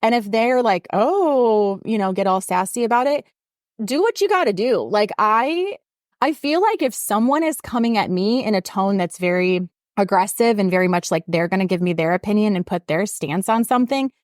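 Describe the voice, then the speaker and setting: A woman's voice: moderate pace, no room sound, clean studio sound. A woman fitness coach hosting her own podcast, talking casually and emphatically, her voice jumping up when she gets fired up. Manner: animated, emphatic, rising pitch when fired up. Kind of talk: casual solo podcast talk.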